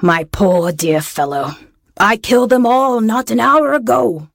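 A woman's voice: on the high side, moderate pace, vocal fry, no room sound, studio quality, voice pushed up. A woman reading aloud voicing a wicked, vain old male pirate captain who bellows and turns sly. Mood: blustering.

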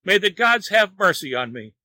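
A man voicing a terrified, lazy man who wails and pleads in a high, strained voice. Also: big pitch swings, normal speed, pushed and bright, no echo, exaggerated voice. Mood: despairing. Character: wailing, terrified lazy man sprouting feathers.

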